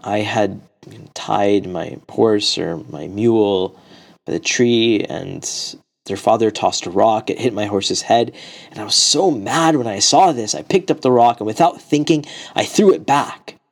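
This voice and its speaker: A man's voice: lowish voice, unhurried, creaky. A man voicing an honest young man who owns up to a killing and pleads earnestly for time. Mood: remorseful. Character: remorseful honest young man facing execution.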